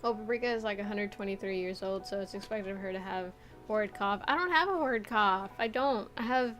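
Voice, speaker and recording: A woman's voice: medium pitch, a little fast, a bit bright, faint music behind. A young woman streamer chatting casually with viewers, rambling with lots of filler words, swearing and laughing often. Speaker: VTuber streamer. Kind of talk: casual chat reading viewer comments.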